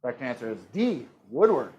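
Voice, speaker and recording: A man's voice: mid-range voice, sing-song, brisk, a little mellow, lo-fi sound, slight background noise. Playful man hosting a trivia stream. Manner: joking, reads multiple-choice options with playful voices. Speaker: trivia host.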